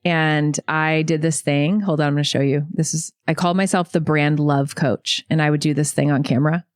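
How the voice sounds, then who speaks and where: A woman's voice: sits low, brisk, no room sound. Chatty woman telling her story, dry sound. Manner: chatty, animated, says "like" often. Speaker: podcast guest, business coach. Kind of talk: casual interview storytelling. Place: podcast studio.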